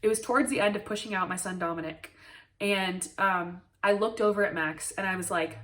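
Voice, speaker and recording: A woman's voice: medium pitch, fairly quick, fairly bright tone. Young woman, candid personal story, earnest and emotional, slightly distant mic. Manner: earnest, emotional, frequent "like" fillers. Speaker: new mother telling her birth story.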